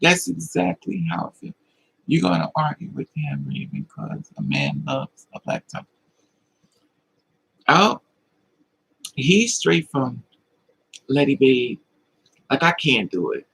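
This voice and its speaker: A man's voice: medium pitch, wildly swooping pitch, takes it slowly, vocal fry, pauses often, a bit bright, slight background noise, low-quality recording. A man hosting a livestream, telling personal stories with emotion and replying to chat comments in a confiding way. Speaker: livestream host. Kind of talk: casual livestream talk, answering chat.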